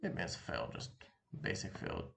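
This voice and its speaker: A man's voice: a bass voice, wildly swooping pitch, measured pace, vocal fry, fairly bright tone, slight background noise. A man with a Russian accent, a native Russian speaker, teaching a casual online language lesson and patiently repeating words for practice. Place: room with open window, street noise behind.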